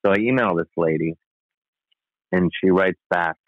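A man's voice: low voice, moderate pace, no room sound. A man telling a rambling, wry personal anecdote as a podcast guest, full of asides. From United States. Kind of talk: casual anecdote. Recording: thin phone-like sound, dry.

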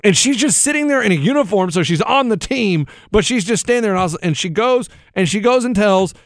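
A man telling animated stories in casual chat, swearing freely. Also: high-pitched, brisk, dry recording, studio quality.

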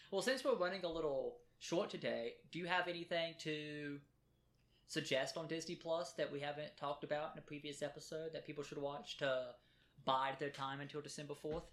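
A man's voice: fairly high pitch, steady tone, moderate pace, a bit bright. A man co-hosting a podcast in casual chat, playful and teasing, and he gets worked up about anime. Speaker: podcast co-host.

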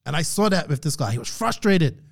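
Guy ranting on his podcast, kinda preachy, keeps clearing his throat, voice on the higher side. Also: sing-song, a little fast. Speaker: podcast host. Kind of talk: casual podcast rant.

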